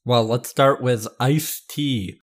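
A man's voice: mid-range voice, slow pace. A man co-hosting a podcast in casual chat, teasing and laughing often. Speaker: podcast co-host.

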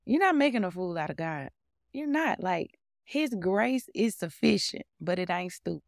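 Woman preaching casual on her podcast, aave, lots of laughs, bit of vocal fry. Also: lowish voice, normal speed, no room sound, studio quality. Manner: animated, conversational, laughing often. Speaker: podcast host. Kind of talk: informal devotional teaching.

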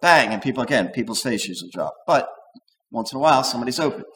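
A man preaching a sermon as pastor, talking in an animated, digressive way and acting out quoted voices. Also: mid-range voice, quick pace, poor audio. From United States.

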